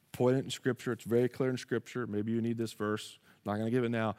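A male pastor giving a sermon, moving between quiet low asides and loud emphatic preaching, and calling out questions to the congregation. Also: brisk, clean tone. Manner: calls out rhetorical questions to the congregation.

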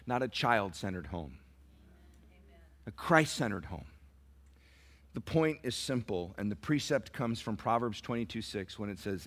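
A middle-aged man preaching a sermon to parents, swinging from soft, near-whispered lines to loud emphatic peaks and acting out dialogue as he tells stories. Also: mid-range voice. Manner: acts out quoted dialogue in a storytelling sermon. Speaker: pastor.

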